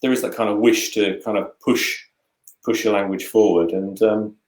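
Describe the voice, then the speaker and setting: A man's voice: fairly low pitch, steady tone, normal speed, darkish tone. A man co-hosting an online webinar in casual chat, stumbling over words and padding with fillers. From Britain. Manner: stammers, repeats words, many fillers. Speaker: co-host, English teacher. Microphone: video call. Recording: roomy echo.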